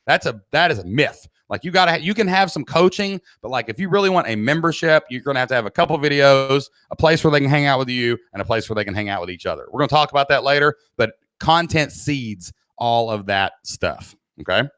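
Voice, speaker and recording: A middle-aged man with a Southern American accent leads an online business class on a live stream, reading chat questions aloud and pushing viewers to get moving in a blunt, energetic pep talk. His medium-pitched voice is a little fast with few pauses. It's recorded on a cheap desk mic at a laptop, yet sounds studio-quality with no room sound.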